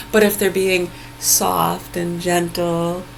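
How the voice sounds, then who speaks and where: Recording a ranting vlog monologue on her phone, a woman with a lowish voice and vocal fry mocks people angrily, sarcastically and profanely, breaking into bursts of laughter. The low-quality audio has a little hiss or hum.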